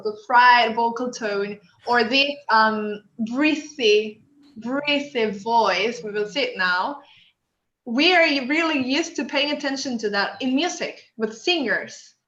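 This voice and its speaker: A woman's voice: a little high, slow, a bit bright. A woman whose first language is Spanish, running an online workshop in English and asking the group questions. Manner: encouraging, asks the group questions. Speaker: workshop instructor. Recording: echoey room, dull lo-fi audio.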